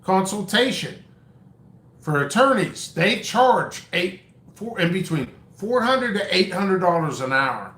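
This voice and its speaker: A man's voice: high-pitched, sing-song, slow pace, fairly bright tone. A man hosting his own channel, ranting in a long-winded, stammering, exasperated way. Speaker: seed seller and channel host. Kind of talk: rambling vlog rant. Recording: echoey room.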